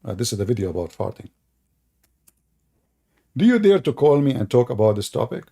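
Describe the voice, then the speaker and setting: Mocking man with a gravelly voice. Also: mid-range voice, sing-song, fairly quick, dark tone. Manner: sarcastic, mocking, rhetorical questions, chuckles. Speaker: online religious debate host. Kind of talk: mocking livestream commentary.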